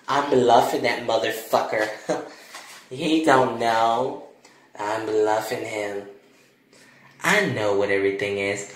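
A performer voicing a sly teenage boy who only pretends to act childish, speaking low, sneaky and gloating in a comedy skit. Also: echoey room. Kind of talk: one-person comedy skit.

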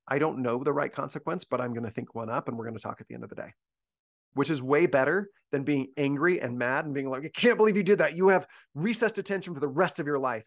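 A man's voice: medium pitch, gravelly. A man briefing university faculty in a conversational discussion, earnest and thinking aloud with frequent restarts.

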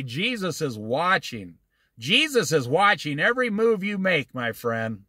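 A man's voice: on the high side, dry recording, clean studio sound. A middle-aged man leading an informal Bible study, telling stories in a folksy, emphatic way. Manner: folksy, animated storytelling with emphatic slow stresses.

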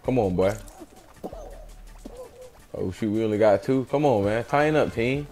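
A man's voice: on the low side, moderate pace, dark tone, soft background music. A young man hosting a gaming channel, giving hyped let's-play commentary, trash-talking and chanting catchphrases while he plays.

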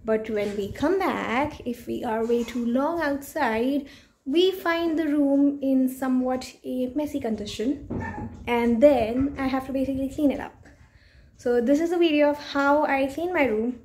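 A woman's voice: sits high, measured pace, warm tone, slight background noise. A young woman vlogging at home in her bedroom, casually talking to the camera and playfully scolding her dog. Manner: playful, scolding baby talk to a pet.

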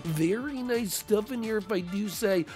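A man's voice: high-pitched, a little mellow, breathy edge, faint music behind. A man doing a creepy "folks"-saying turtle neighbor. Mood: needy, sinister. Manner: slow salesman patter, says "folks" constantly. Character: creepy lonely male turtle neighbor, pushy. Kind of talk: Minecraft role-play.

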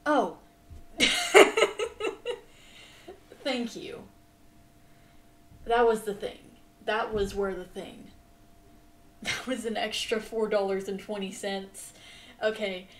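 A woman's voice: mid-range voice, steady tone, takes it slowly, pauses often. A woman live-streaming a game in casual chat, exasperated and talking back at the game and her viewers. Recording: echoey room, mic set far off.

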